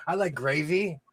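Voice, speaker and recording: A man hosting a casual sewing show chat, telling jokey stories in an animated way. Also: fairly high pitch, no echo. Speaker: host.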